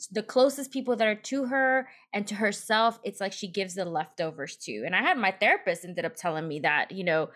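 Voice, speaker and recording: A woman's voice: mid-range voice, fairly bright tone. Candid woman podcast host. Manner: reflective, candid and conversational. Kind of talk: podcast interview.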